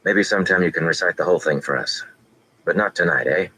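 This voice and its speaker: A man voicing a guarded young man in an audiobook, speaking low and muttered. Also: fast, pushed and bright, a little hiss or hum, poor audio. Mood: wary.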